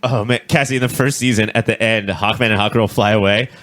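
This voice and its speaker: A man's voice: on the low side, steady tone, fast, a bit bright. A young adult man co-hosting a podcast, talking bluntly and profanely in casual, ranting chat. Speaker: podcast co-host. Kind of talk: casual chat about a TV show.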